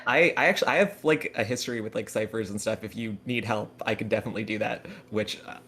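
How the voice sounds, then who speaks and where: A man's voice: on the low side, fast talker, pushed and bright, husky. A man playing a tabletop game, rambling and hedging as he explains. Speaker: player. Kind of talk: casual tabletop game talk.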